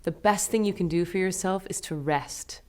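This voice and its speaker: A woman teaching a meditation lesson, talking in a gentle, soothing, unhurried way. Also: lowish voice.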